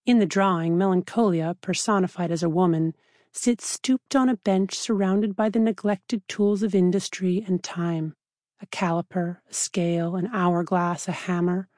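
A woman, a psychiatrist, reading her own memoir aloud in a measured, reflective way. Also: on the low side, steady tone, darkish tone, no echo, clean studio sound. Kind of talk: audiobook narration.

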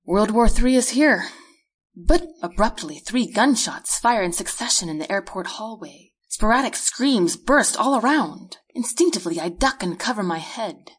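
A woman reading her own novel aloud as a measured first-person audiobook narration. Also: medium pitch, lively intonation, breathy edge. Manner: measured storytelling read.

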